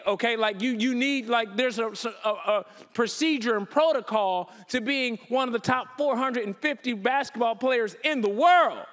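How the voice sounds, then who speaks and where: A man giving a storytelling keynote talk, animated and casual, acting out dialogue with quick shifts of voice. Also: extremely high pitch. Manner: casual, slangy phrasing. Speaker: keynote speaker.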